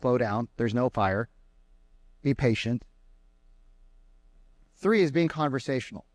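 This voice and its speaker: A man giving an energetic sales seminar to a live room, firing questions at the crowd. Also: mid-range voice, a little slow, no echo. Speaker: sales trainer. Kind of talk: live seminar talk to an audience. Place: meeting room with an audience.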